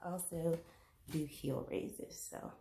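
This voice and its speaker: Slow, low-voiced woman demonstrating foot stretches. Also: fairly even intonation, vocal fry, dark tone, reverberant, a little hiss or hum. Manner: chatty, apologetic, with frequent ums and restarts. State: out of breath. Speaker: health educator. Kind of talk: casual home demonstration.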